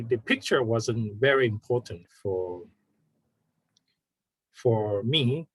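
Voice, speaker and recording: A man from Taiwan with a Taiwanese accent, speaking as a guest in a casual conversation, halting and restarting often. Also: medium pitch, fairly bright tone, slightly rough, no room sound, poor audio.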